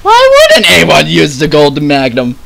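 A young man giving loud, excitable, swearing commentary as he plays a game. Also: a little high, normal speed, creaky, background noise. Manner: excitable, swearing, laughing a lot. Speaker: gamer. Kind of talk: let's play commentary.

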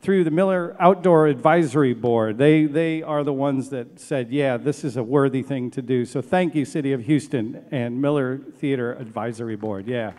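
A man's voice: mid-range voice, moderate pace, hardly any pauses, in a large hall. A man, director of a steel band, giving heartfelt thank-yous to a live concert audience from an outdoor stage. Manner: emotional, warm thanks, chokes up.

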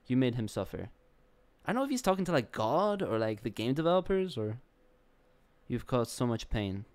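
A man hosting a game playthrough, reacting excitably and swinging between jokes and sincere remarks, often swearing and calling people "dude". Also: mid-range voice, brisk, no room sound. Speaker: gaming video host. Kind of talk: let's play commentary. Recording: game sounds and sirens loud behind the voice.

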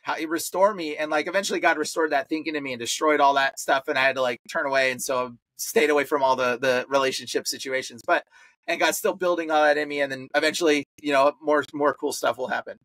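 Male podcast guest, high and bright, slangy animated storyteller. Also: fast, no echo. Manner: animated, slangy, full of fillers. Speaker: exorcist guest.

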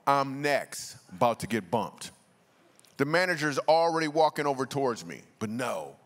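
Male comic guest speaker, middle pitch, laid-back slangy delivery, heard in a big echoing church hall. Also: a bit bright. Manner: loose, slangy, conversational delivery with punchlines. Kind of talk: comedic storytelling talk to a church congregation. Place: large church auditorium. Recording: long reverb of a large church hall.

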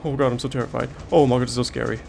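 A man's voice: mid-range voice, level tone, very fast, vocal fry, darkish tone, soft background music. A man giving let's play commentary, panicking, swearing and joking to himself. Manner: panicky, swearing, jokey self-talk. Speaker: game streamer.

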